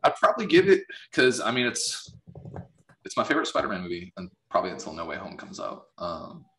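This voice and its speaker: A man's voice: low-pitched, a little fast, echoey room, a little hiss or hum. A man as a guest on a podcast, talking casually and laughing easily. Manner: relaxed, easygoing, laughs often.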